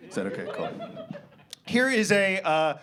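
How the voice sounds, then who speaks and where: A young man doing a live stand-up set on a club stage with a handheld mic, awkward and self-deprecating with absurd deadpan jokes. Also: sits high, normal speed, background noise. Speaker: stand-up comedian. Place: comedy club stage, indoors. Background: loud walk-on music at times.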